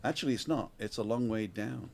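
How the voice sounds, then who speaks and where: A man's voice: medium pitch, a little fast, creaky, darkish tone, slight background noise. Chatty man hosting a balcony livestream. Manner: chatty, reads out viewer names. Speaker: livestream host. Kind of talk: casual live chat. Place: outdoor apartment balcony. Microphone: smartphone livestream.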